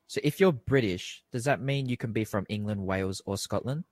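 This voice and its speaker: A young man, chatting casually as a podcast guest, rambling with lots of fillers and quick self-corrections. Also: lowish voice, no room sound. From Australia. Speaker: guest actor. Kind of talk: casual chat.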